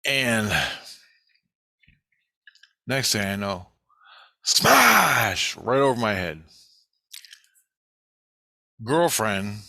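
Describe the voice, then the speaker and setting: A man's voice: fairly low pitch, big pitch swings, very slow, creaky, pauses often, sharp tone, no room sound. A man telling a rambling personal story in a casual, profane way.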